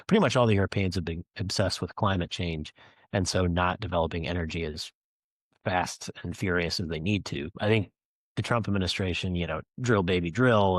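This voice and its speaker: A man's voice: low voice, no room sound. A man hosting a policy podcast from his office, talking in an earnest, emphatic and upbeat way. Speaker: podcast host. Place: home office.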